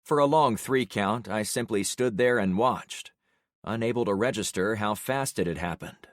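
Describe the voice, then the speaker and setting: A man narrating a first-person audiobook in a measured storytelling way. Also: fairly low pitch, no echo.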